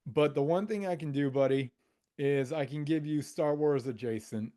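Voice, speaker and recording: A man's voice: on the high side, moderate pace, warm tone. A man co-hosting a casual movie podcast over a video call, explaining his pick in enthusiastic, meandering talk. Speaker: podcast co-host. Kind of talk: casual chat among friends.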